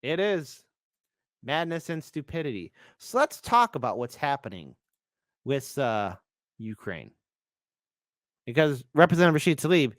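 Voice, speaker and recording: A man hosting a political commentary livestream, sarcastic and switching between loud outbursts and quiet asides. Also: a little high, big pitch swings, normal speed, long pauses, no echo, studio quality.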